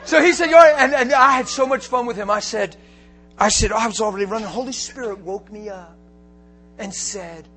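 A man preaching a storytelling sermon, animated and often laughing, breaking into shouts for emphasis. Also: high voice, a little fast, a little hiss or hum.

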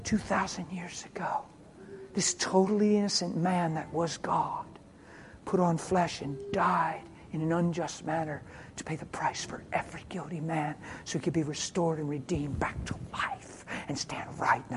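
A preacher telling a homespun, familiar sermon story, dropping to near-whispers and then rising into loud, laughing exclamations. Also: medium pitch, steady tone, moderate pace, a little hiss or hum. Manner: homespun and familiar, calls listeners honey.

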